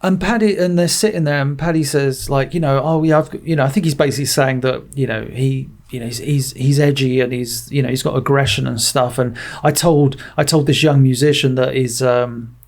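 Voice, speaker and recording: A man co-hosting a podcast, chatting casually about a film and retelling its scenes in an animated, rambling way full of restarts and fillers. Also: mid-range voice, a little fast, creaky, hardly any pauses. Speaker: podcast co-host. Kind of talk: casual film review chat.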